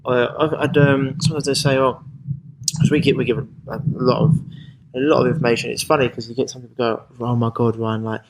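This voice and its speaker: A man talks at a quick clip with a gravelly, creaky edge to his voice. he is the podcast host, telling stories about his coaching clients in a relaxed conversational way. he acts out their lines as he goes. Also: medium pitch, very noisy. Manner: animated storyteller acting out client quotes.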